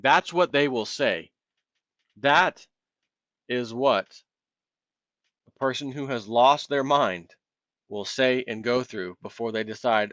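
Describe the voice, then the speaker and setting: A man's voice: medium pitch, slow pace, long pauses, a bit bright, dry recording, muffled recording. A man hosting a solo commentary video, ranting in a heated, impassioned way and acting out imagined callers.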